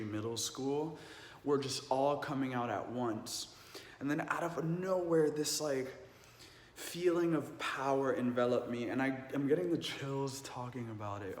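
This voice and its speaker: A young adult man telling a personal story earnestly and emotionally, with lots of "like" fillers. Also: mid-range voice. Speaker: vlogger. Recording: echoey room with long reverb, faint ambience.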